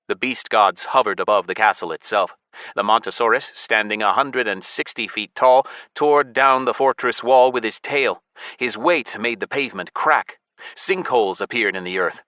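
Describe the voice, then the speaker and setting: A male narrator reads a first-person adventure in a steady, measured way. His voice is bright and mid-pitched, recorded close and dry with no room sound. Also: dry recording. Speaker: audiobook narrator. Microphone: close studio mic.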